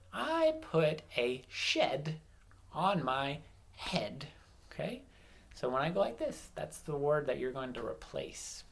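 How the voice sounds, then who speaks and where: A man teaching an online lesson to young children, slow and deliberate, playful and animated, stretching out his words. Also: medium pitch, creaky, a little hiss or hum. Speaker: primary school teacher.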